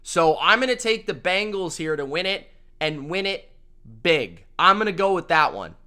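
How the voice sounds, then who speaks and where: A young man hosting a casual sports picks show, excitable and repeating himself for emphasis. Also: sits high, normal speed. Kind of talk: casual sports prediction talk.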